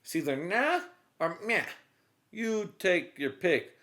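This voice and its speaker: A man voicing a crude, pushy male police officer who makes loud, swaggering threats. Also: high voice, very animated, slow, pitched above the performer's own voice, full character voice. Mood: bullying.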